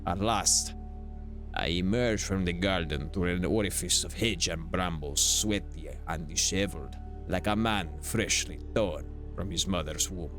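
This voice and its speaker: A man putting on a hushed mock-Italian cook. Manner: low, hushed, theatrical reading. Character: Italian-accented male cook narrating the game.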